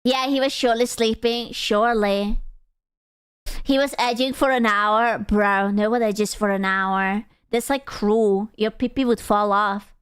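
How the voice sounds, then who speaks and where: Brief: woman streamer, casual crude banter with chat, high and clear, dry mic. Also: fairly even intonation, a little slow, no room sound. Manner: crude, joking, reacting to chat.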